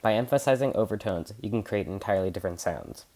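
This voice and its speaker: A man's voice: lowish voice, fast. Earnest teen boy explaining music science. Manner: earnest, explanatory, stumbles over some words. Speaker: student presenter. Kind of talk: scripted educational narration.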